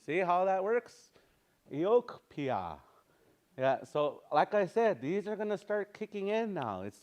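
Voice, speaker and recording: A man teaching a language class, patiently repeating words for his students. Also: fairly high pitch.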